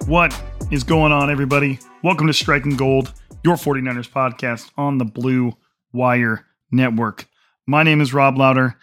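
A man hosting a sports podcast with a hoarse, strained voice, talking casually and rambling with frequent restarts. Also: mid-range voice, steady tone, normal speed, a bit bright, faint music behind. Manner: rambling, many restarts and fillers. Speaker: podcast host. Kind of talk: casual solo podcast talk.

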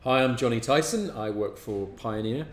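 A man's voice: medium pitch, normal speed. A man working in brewery training, speaking briefly and matter-of-factly as a guest on a podcast in a pub. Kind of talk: casual podcast chat. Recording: roomy pub with faint noise.

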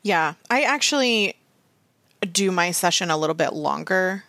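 A woman with a low, gravelly voice co-hosts a podcast in a quick, rambling, chatty way. The sound is dry and close. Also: animated, bright, forceful tone, no room sound. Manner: quick, rambling, self-aware asides. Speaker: podcast co-host. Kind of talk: casual podcast chat, sponsor read.

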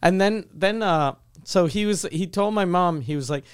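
A man's voice: high voice, normal speed, clear, resonant tone, no room sound. A man casually telling an anecdote on a podcast, laughing as he acts out the people in it. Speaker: podcast co-host. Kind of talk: casual chat, storytelling.

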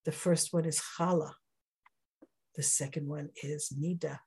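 A woman's voice: deep voice, fairly even intonation, unhurried, a little mellow, husky. A woman teaching a Torah class in a conversational, heartfelt way. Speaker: Bible teacher.

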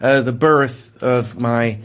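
A man's voice: medium pitch, takes it slowly. A man hosting a podcast, telling a long story in casual chat, often restarting and repeating his phrases. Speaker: podcast host.

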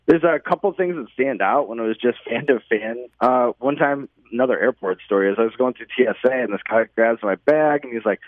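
In a casual interview chat, a man who is a podcast guest and show host tells rambling stories full of "like" and "you know." His mid-range voice is brisk with hardly any pauses, and the audio is dry and phone-like with no echo.

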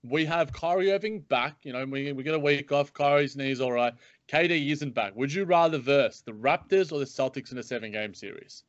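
A man hosting a sports podcast, chatting in an animated, joking way with playful asides. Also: mid-range voice, fairly quick, no echo. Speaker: podcast host. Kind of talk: casual sports podcast chat. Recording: dry, dull lo-fi audio.

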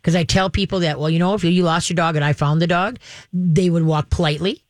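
A woman's voice: lowish voice, steady tone, fast. A woman hosts a call-in advice show as a dog trainer, talking in a chatty, emphatic way and laughing between her points. She often checks in with her listener. The voice sounds close and dry, with no room echo. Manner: laughs often while explaining. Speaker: dog trainer and radio host.

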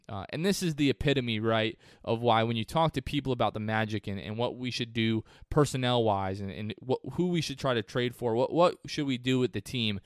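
A man's voice: mid-range voice, clean tone, dry recording, clean studio sound. A man hosting a sports podcast, talking through a game in a casual, conversational way that wanders off on tangents. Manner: conversational, digressive. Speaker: podcast host.

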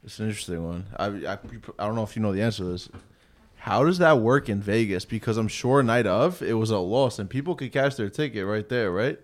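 A man joking around on a casual podcast, with a lively, jokey delivery. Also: lowish voice, a little fast. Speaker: podcast co-host.

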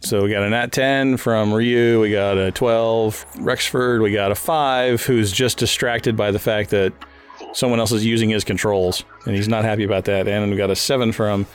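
A man narrating as game master of a tabletop role-playing game, talking haltingly with many fillers and restarts. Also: lowish voice, fairly even intonation, smooth, soft background music.

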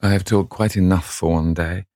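A man reading the lines of a witty, languid young aristocratic gentleman in an audiobook of a classic novel. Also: sits low, fairly even intonation, normal speed, dry recording, studio quality, lightly acted.

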